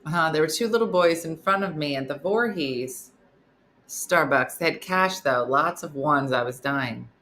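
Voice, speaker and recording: A woman comedian chatting casually to viewers, retelling funny videos with lively put-on voices. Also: unhurried. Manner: animated, acts out funny videos in high squeaky voices. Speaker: comedian hosting a live morning stream. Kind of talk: casual chat reading comments.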